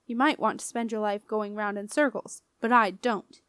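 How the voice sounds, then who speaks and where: A woman voicing a gruff, bullying boat skipper who barks orders and drops his g's. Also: medium pitch, fairly even intonation, moderate pace, fairly bright tone, no room sound, clean studio sound, lightly acted. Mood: snappish. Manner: barking, snarling orders, dropped g's. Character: bullying gruff male boat skipper, short-tempered father.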